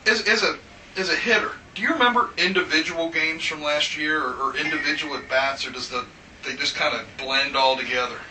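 A male interviewer asks casual questions, halting and restarting as he goes. His voice is very bright and slightly high, heard from across an echoey room with faint noise. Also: far from the mic.

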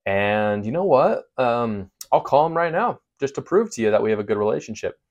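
A man putting on the voice of a smug, name-dropping politician's son, drawing out his boasts slowly. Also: medium pitch, sing-song, lo-fi sound.

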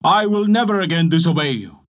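A man voicing a haughty, vengeful giant genie who speaks in a commanding, deliberate way in a storybook tale. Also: on the high side, lively intonation, pitched above the performer's own voice, close to an everyday voice. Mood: pleading.

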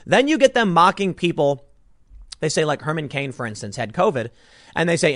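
A man's voice: a little high, very animated, a little fast, a bit bright, no room sound, clean studio sound. A man giving an opinionated political commentary monologue, combative and sarcastic, restarting his sentences as he argues.

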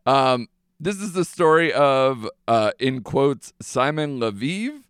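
A man's voice: medium pitch, expressive, slow, fairly bright tone, clean tone, no room sound, studio quality. A young man hosting a movie podcast, chatting casually and animatedly with lots of fillers. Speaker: podcast host.

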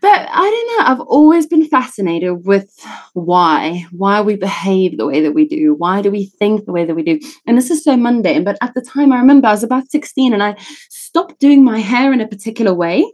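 A neuroscientist in her thirties, born in Italy and raised in South Africa, chats casually as a podcast guest in a British South African accent. She laughs often and pokes fun at herself. Her medium-pitched voice is animated, fairly quick, and a little mellow.

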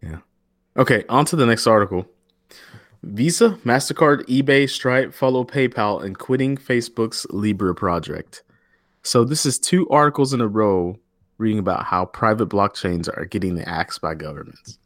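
A man's voice: on the low side, animated, normal speed, no room sound, studio quality. A man co-hosting a podcast in casual chat, joking and swearing as he riffs on news. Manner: jokey, profane, reads news quotes aloud. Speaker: podcast co-host.

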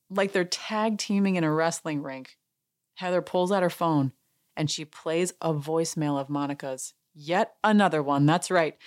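A woman hosting a podcast, recapping reality TV in casual chat and acting out quotes with lively jumps in her voice. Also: fairly low pitch. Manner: chatty, reenacts quotes with animated voice jumps. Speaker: podcast host.

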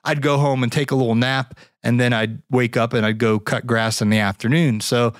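A man's voice: mid-range voice, fairly even intonation, normal speed, dry recording, studio quality. A man hosting a podcast, telling a story in a casual, reflective way, full of fillers and restarts. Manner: reflective, grateful. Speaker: podcast host.

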